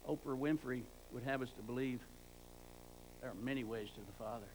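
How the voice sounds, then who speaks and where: A man's voice: mid-range voice, fairly quick, a little hiss or hum, low-quality recording. A man preaching a sermon with emphatic repetition, often stumbling and restarting words. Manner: emphatic, repeats words for stress.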